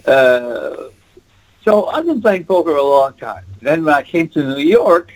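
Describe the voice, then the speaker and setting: A man's voice: fairly high pitch, sing-song, measured pace, low-quality recording. A man in his eighties from French Canada, whose first language is French, telling rambling stories as an interview guest. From French Canada, Quebec. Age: 80s. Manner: rambling, reminiscing, chuckling. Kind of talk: casual interview storytelling.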